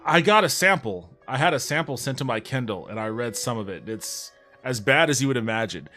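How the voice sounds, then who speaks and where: A man's voice: mid-range voice, expressive, brisk, pushed and bright, faint music behind. A man co-hosting a casual podcast chat, wry and given to laughing as he reads passages aloud. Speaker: podcast co-host.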